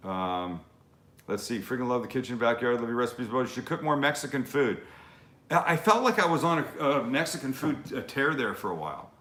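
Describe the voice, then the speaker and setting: A man's voice: medium pitch, animated, fairly quick, a bit bright. Man, cooking host, loose rambling chat, swears casually, roomy kitchen echo. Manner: rambling, casual, swears freely, many fillers. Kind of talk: casual live-stream Q&A. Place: home kitchen.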